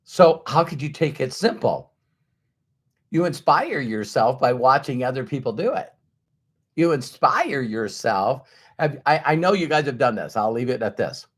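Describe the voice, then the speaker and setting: A man giving a motivational talk to an audience, acting out everyday inner voices in an animated way. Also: medium pitch, unhurried, breathy edge. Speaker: motivational speaker.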